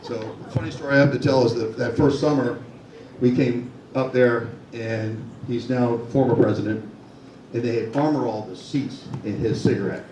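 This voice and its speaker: A man's voice: mid-range voice, moderate pace, a little mellow. An older man, a former Secret Service agent, telling chatty stories to a meeting and laughing through them. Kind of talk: anecdotal talk to a meeting. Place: meeting room. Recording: echoey room, distant mic, noisy.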